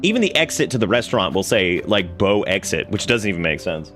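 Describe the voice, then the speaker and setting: Rambling man with a low voice. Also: sing-song, fast, fairly bright tone, soft background music. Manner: rambling, laughing storyteller with many restarts. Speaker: game streamer and voice actor. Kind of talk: casual gameplay commentary.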